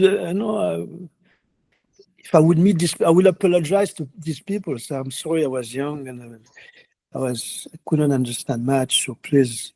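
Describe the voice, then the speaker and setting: Soft-spoken halting yogi with a mellow voice. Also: male voice, a little high, creaky, dry recording. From France. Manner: halting, many restarts and fillers, earnest. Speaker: yoga teacher. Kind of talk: reflective interview answers.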